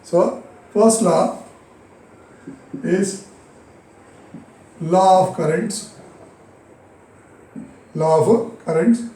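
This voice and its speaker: A man with an Indian English accent teaching a physics lesson, repeating key phrases slowly and answering his own questions. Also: sits high, mellow, roomy sound, poor audio. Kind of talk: recorded classroom lesson.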